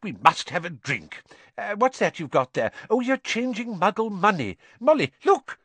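A man voicing an eager, excitable middle-aged wizard father. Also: a little high, a little slow, no room sound, voice pushed up, full character voice. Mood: delighted.

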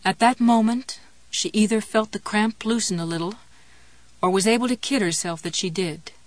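A woman reading a grim novel aloud in a measured, steady storytelling manner. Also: medium pitch, dry recording. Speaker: audiobook narrator. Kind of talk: scripted narration of a horror novel.

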